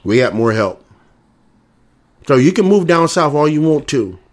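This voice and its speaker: Southern US male, combative monologue, swears freely, repeats himself, slightly raised pitch. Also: sing-song, measured pace. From American South. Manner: combative, repetitive, profane. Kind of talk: ranting monologue.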